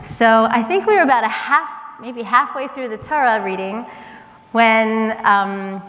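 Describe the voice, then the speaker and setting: A woman's voice: fairly high pitch, a little slow, lo-fi sound. Woman recounting a story in a reverberant hall. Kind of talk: storytelling speech at a gala. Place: large banquet hall.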